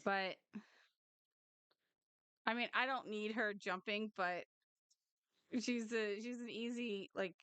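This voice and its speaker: Woman streamer, smooth clear voice, dry close mic, playful cat-mom chatter. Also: mid-range voice, steady tone, slow pace, pauses often, a bit bright, no room sound. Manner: playful, coos at her cats. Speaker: live streamer. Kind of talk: casual live-stream chat.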